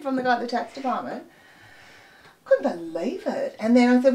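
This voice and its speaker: A woman's voice: mid-range voice, very animated, fast, slight background noise. A middle-aged Australian woman comedian delivering a chatty, rambling comic monologue full of fillers and swearing.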